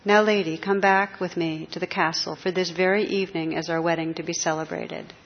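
A woman's voice: on the low side, steady tone, fairly quick, long reverb tail. A woman reading the part of a devoted young knight in earnest, courtly speech, on a slightly dull recording. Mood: stern.

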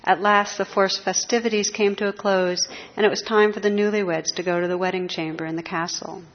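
A woman narrating an old legend in a measured, expressive storybook reading. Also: medium pitch. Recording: slightly dull lo-fi recording.

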